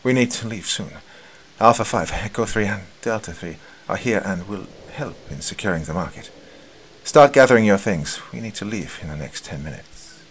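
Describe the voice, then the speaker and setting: A man voicing a calm, confident squad leader who gives steady orders. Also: lowish voice, normal speed, breathy edge, voice pushed up. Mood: commanding.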